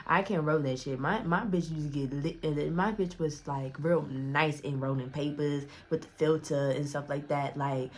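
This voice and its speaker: A woman's voice: low voice, normal speed, hardly any pauses. A young woman telling a casual storytime, rambling in slang with many restarts and acted-out quotes. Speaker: storyteller vlogger.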